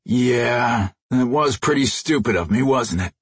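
A man's voice: medium pitch, animated, measured pace, slightly rough, no room sound. A man voicing a flippant, wisecracking human bounty hunter in an audiobook. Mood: wry. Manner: wisecracking, breezy.

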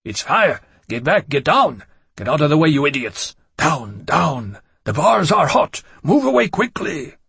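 A frenzied mob of fanatic vampires, as a male reader puts them on, shrieking curses in a voice pushed far above his own, loud and strained. The tone stays husky and close, with no room around it. It suits a gothic storybook. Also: on the high side, wildly swooping pitch, takes it slowly, few pauses, no room sound, voice pushed up, full character voice. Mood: frantic.

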